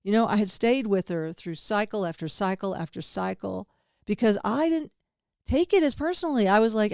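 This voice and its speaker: Her mid-range voice is expressive, creaky, smooth, and a little mellow, moving at a moderate pace. As a podcast host, she rambles candidly through a personal story, shifting from laughter to grief and swearing casually, in a dry, clean studio recording.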